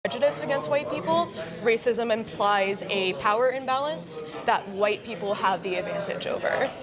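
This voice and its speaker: A woman arguing her side in a live debate, earnest and quick, talking over her opponent. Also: fairly high pitch, over music. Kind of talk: live debate in front of a crowd. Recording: crowd noise behind the voice.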